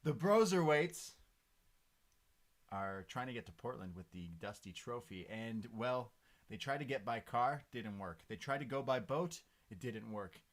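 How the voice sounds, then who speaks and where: A man co-hosting a casual wrestling review podcast, recapping segments in an animated way. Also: on the low side, moderate pace. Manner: animated recapping, acts out quotes, laughs often. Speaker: podcast co-host.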